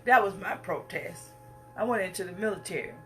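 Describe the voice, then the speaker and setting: A woman in her 50s addresses the public in an impassioned speech, her mid-range voice fairly bright and a little fast. She speaks emphatically, repeating phrases with a preacher-like cadence, while soft music plays in the background.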